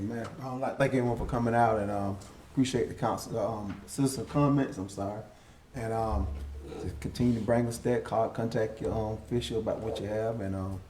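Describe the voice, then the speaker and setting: Mellow councilman, distant and echoey. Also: fairly low pitch, a little hiss or hum. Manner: halting, with many ums. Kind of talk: council member remarks.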